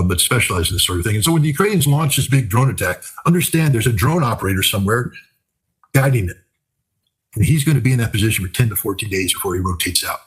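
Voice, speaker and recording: Older guy, kinda low husky voice, hammers his points home, tells it like a story. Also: fairly bright tone, poor audio. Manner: emphatic, repetitive, vivid storytelling. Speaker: commentator. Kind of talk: casual interview talk.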